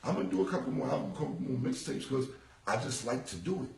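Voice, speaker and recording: A man's voice: mid-range voice, big pitch swings, fast talker, gravelly, a little mellow, echoey room, far from the mic, low-quality recording. A man in his forties in a casual livestream monologue, rambling and repeating himself in street slang. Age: 40s. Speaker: rapper. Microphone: phone.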